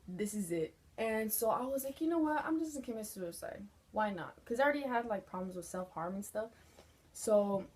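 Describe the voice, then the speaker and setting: A woman's voice: mid-range voice, darkish tone. Frank young woman telling a story. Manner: frank, swears a lot, fillers like 'like'. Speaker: vlogger. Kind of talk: casual storytelling.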